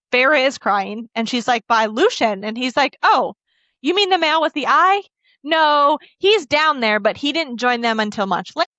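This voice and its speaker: A woman with a slightly high voice recaps a fantasy novel for a book podcast, quoting the characters' dialogue as she goes. She talks casually and gets emotional over the story. The recording is dull and lo-fi, with a dry, close sound. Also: fairly bright tone, no room sound. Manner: emotional, laughs and chokes up while recounting.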